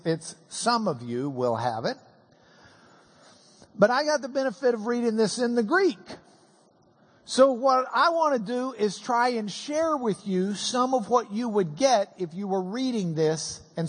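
A preacher teaches scripture in a folksy, joking sermon, with a husky voice that swings widely up and down. The delivery is unhurried. It is recorded with a long reverb from a large hall. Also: mid-range voice.

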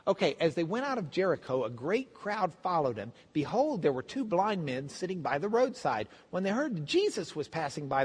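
A man teaching a Bible class as a pastor, telling the story with lively acted-out voices. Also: on the high side, normal speed, few pauses, husky, big-room sound. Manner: animated storytelling, acts out voices of the crowd and blind men. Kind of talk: sermon.

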